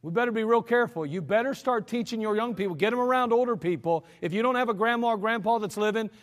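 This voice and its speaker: Blunt high-voiced preacher man, echoing hall. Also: quick pace. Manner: blunt, exhorting and scolding. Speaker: pastor. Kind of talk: sermon.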